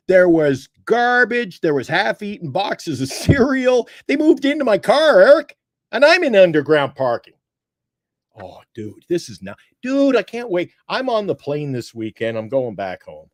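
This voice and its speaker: A man co-hosting a casual sports talk show, telling stories in an animated, sarcastic way. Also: normal speed, no room sound, studio quality. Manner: animated, sarcastic storytelling with big swings of pitch. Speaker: podcast co-host.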